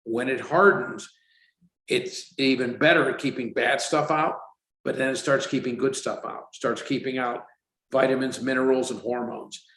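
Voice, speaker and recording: 60s guy on a podcast, lively storyteller doing everyone's lines, echoey room. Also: mid-range voice, normal speed. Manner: animated storyteller, acts out quotes. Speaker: company CEO guest. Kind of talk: casual podcast interview. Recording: roomy echo.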